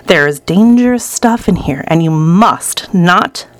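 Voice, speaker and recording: A woman's voice: on the low side, lively intonation, a little slow, no room sound. A woman reading a storybook aloud and voicing a cheerful, eccentric grown man who owns a chocolate factory, in a raised, theatrical voice.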